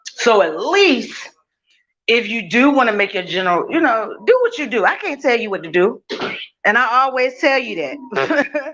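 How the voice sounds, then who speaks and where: Loud, profane woman on a livestream. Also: on the high side, dull audio. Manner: loud, blunt and profane, laughs often. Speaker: livestream host. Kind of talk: casual livestream chat. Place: home kitchen, cooking while streaming.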